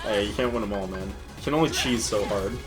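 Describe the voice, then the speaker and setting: A man's voice: fairly low pitch, quick pace, over music. Rambling, profane young man gamer. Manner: rambling, profane, laughs often. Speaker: gaming podcast co-host. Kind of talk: casual gameplay chat.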